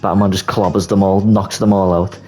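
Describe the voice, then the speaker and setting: Deep-voiced lad telling a story. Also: male voice, poor audio. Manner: animated storytelling, swearing, quick restarts. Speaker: YouTuber. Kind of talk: casual movie plot pitch. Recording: faint music bed.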